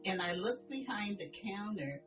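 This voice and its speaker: An older grandmother tells a story with a voice that rises and falls a lot, giggling as she goes. She talks casually with her co-host, and music plays clearly underneath. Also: medium pitch, lively intonation, normal speed, dull audio. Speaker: podcast co-host.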